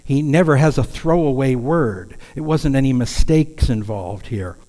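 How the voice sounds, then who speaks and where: A man's voice: mid-range voice, a little slow, dark tone. A man preaching a sermon in a church, earnest and conversational, now and then raising his voice for emphasis. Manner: earnest, conversational preaching with sudden raised calls. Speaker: pastor. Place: church sanctuary. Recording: long hall reverb.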